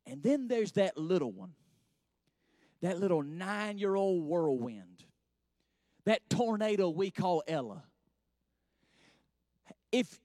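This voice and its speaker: A man preaching in church, his voice sitting high and sounding dry and close. He tells homespun stories and builds into fervent, ringing passages. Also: a little mellow, dry recording. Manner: folksy storytelling, rising to fervent preaching. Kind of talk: sermon.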